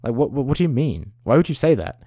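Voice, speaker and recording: A man's voice: mid-range voice, very animated, fast talker, dark tone, no room sound, clean studio sound. A young man, ranting into the camera, swearing often and trailing off into tangents. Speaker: vlogger. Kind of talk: profane rambling rant.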